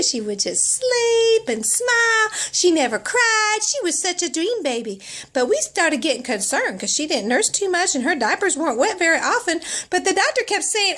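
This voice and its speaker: Woman, middle-aged, storyteller, folksy, very high voice, lively pitch. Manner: folksy, animated, dramatic. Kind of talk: comic personal storytelling.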